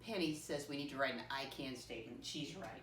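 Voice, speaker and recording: A woman's voice: rumbling low, fairly bright tone, far from the mic, slight background noise. Teacher, female: patient first-grade math lesson, call-and-response style, recorded from afar in an echoey room. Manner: patient call-and-response teaching, slowly spelling out words letter by letter; keeps addressing children as "my friends". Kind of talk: classroom math lesson for young children.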